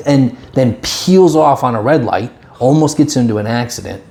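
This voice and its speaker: A man's voice: mid-range voice, normal speed, few pauses. A man co-hosting a casual podcast, telling stories and acting out what people said. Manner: animated storyteller, acts out quotes. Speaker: podcast co-host. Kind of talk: casual chat, storytelling. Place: indoor podcast room.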